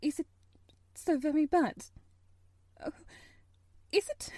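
A woman's voice: high voice, slow, a little mellow, no echo, voice pushed up. A woman voicing a frightened, elegant young mother who cries out and pleads in panic in a storybook reading. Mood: frantic.

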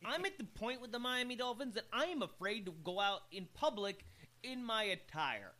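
A young man with a high, bright voice talks sports on a casual co-hosted show. He rambles, stumbles over repeated words and laughs easily between points. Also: animated, normal speed. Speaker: radio show co-host.

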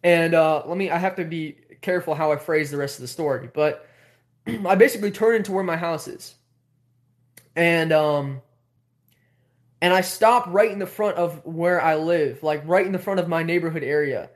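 A young man telling a story on a live stream, animated, swearing and repeating himself. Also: a little high, normal speed. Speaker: host.

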